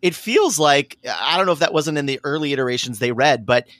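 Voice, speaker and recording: A man's voice: a little high, animated, a bit bright, no room sound, clean studio sound. A man hosting a podcast, chatting casually and searching for words with frequent restarts. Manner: halting, restarts with many fillers. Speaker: podcast host. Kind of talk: casual interview chat.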